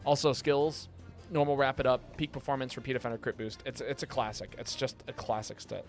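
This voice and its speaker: A man live-streaming a game, talking casually and playfully, often stumbling and repeating words when excited. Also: mid-range voice, a little fast, faint music behind.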